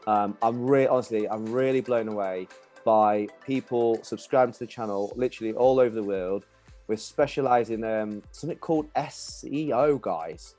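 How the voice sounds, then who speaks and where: Faint music plays behind a man with a fairly low, warm voice talking at a normal speed. He's a podcast host from Lincolnshire, England, chatting casually in a cheerful, matey style with a blended Midlands and Yorkshire accent.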